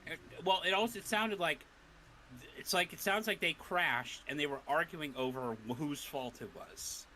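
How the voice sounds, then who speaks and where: A man's voice: a little high, normal speed, pushed and bright, slight background noise. A man playing a tabletop game, chatty and joking, slipping into character voices. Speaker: player.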